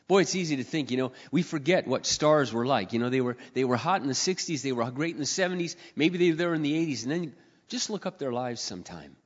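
Middle-aged male pastor, lively sermon delivery with big pitch swings, frequent throat clearing, dull recording in a reverberant hall. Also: a little fast. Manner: swings from loud, high exclamations to quiet asides.

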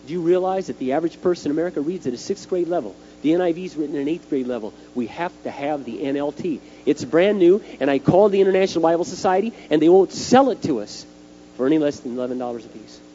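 A middle-aged man preaching a sermon, telling stories in an animated way and acting out the scenes. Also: fairly high pitch, fast talker. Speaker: youth speaker. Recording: dull lo-fi tape with faint hum.

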